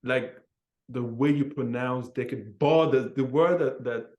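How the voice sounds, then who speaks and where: A man hosts a conversational interview at a mid-range pitch. He speaks in an animated way, often restarting his phrases. His voice echoes around the room. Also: a little slow.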